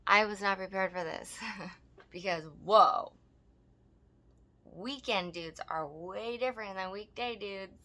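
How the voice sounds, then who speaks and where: A woman with a bright, forceful voice tells a personal story in loose, casual chat. She is blunt and profane and laughs easily as she goes. Her pitch sits in an ordinary middle range for a woman. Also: takes it slowly, pauses often. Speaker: podcast co-host.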